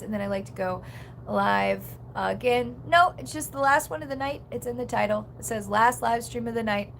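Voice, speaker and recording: A woman's voice: a little high, vocal fry, slight background noise. A young woman chatting casually on a livestream, rambling with lots of "like" and "um" and reading chat comments aloud.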